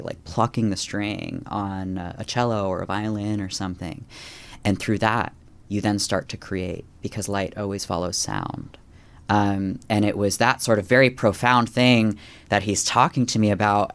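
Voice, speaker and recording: A man's voice: fairly low pitch, clear, resonant tone. A man on a podcast as a guest, telling a personal spiritual story in a conversational way and acting out quoted lines with a lifted voice. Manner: animated, acts out quoted lines in a raised voice; many fillers and restarts.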